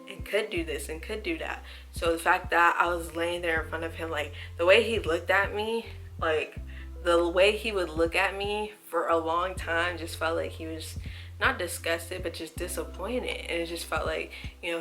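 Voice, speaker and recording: A young woman vlogger softly retelling a hard personal time, halting and emotional, with many fillers. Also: on the low side. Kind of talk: personal storytelling vlog.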